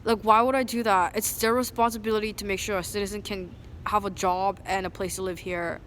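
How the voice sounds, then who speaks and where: A woman venting to a phone camera at an outdoor bus station, agitated and rambling, full of "like", swinging from low muttering to loud indignation. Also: fairly even intonation, fairly quick. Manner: agitated, rambling, heavy use of "like". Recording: street noise and passing vehicles.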